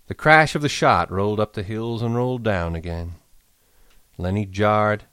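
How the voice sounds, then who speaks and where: A man reading a novel aloud in a measured, even storytelling manner. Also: lowish voice, dry recording, studio quality. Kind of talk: audiobook narration.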